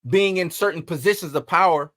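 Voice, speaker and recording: Brief: lively male commentary host, high-pitched and animated. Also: brisk, dry recording, clean studio sound. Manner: animated, emphatic, rhetorical questions. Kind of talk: entertainment news commentary.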